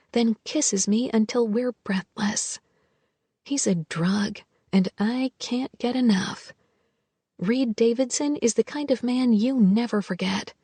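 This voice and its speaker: Hushed, breathy woman narrating a romance. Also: on the high side, no echo. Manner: soft, hushed, intimate delivery. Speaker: audiobook narrator. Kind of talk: first-person romance audiobook narration.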